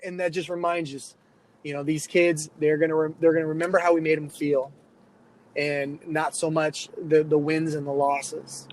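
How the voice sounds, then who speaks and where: Male coach guest, fairly high voice, lively anecdote-teller. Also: normal speed, a little hiss or hum, low-quality recording. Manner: animated anecdotes, acts out quoted kids. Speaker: youth sports coach, podcast guest. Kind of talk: storytelling in a casual interview.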